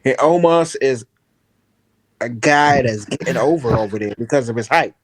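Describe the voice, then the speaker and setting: A man's voice: medium pitch, normal speed. A man joining a live show by phone, explaining things in an easygoing, rambling way. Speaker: guest panelist. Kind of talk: casual chat over a call.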